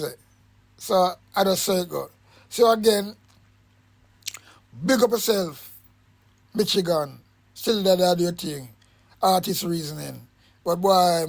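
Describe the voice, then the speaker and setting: High-voiced Jamaican man, passionate host. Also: vocal fry. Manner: passionate, rambling patois talk. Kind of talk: spoken intro to an interview.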